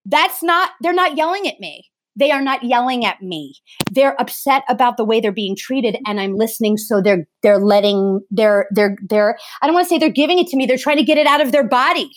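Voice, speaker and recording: A woman's voice: a little high, brisk. A woman speaking as an interview guest, talking earnestly and with passion, often restarting her sentences. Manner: impassioned, emphatic, frequent restarts. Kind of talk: earnest conversational interview talk.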